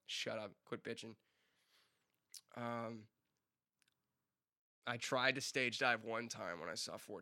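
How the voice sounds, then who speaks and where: A man's voice: lowish voice, bright, forceful tone. A man in his mid twenties hosting a solo podcast, telling rambling stories in a laid-back way, swearing freely and laughing at himself. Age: mid 20s. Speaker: podcast host. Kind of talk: casual solo podcast storytelling.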